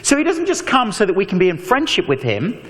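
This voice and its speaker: A man preaching an animated evangelistic talk, telling stories with mock voices and asides. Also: sits high, quick pace. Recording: long echo of a large hall.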